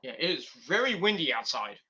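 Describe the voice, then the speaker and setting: Bright-voiced rambling guy, profane. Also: a little high, big pitch swings, brisk, husky. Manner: rambling, profane, goes off on tangents. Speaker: wrestling review vlogger. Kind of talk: casual rambling commentary.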